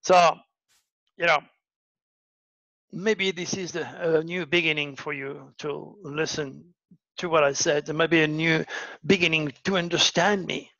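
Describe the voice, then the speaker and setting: A man's voice: on the high side, steady tone, measured pace, creaky, pauses often, pushed and bright, no echo, muffled recording. A man telling a personal story in a dramatic monologue, often repeating words for emphasis. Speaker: astrology show host.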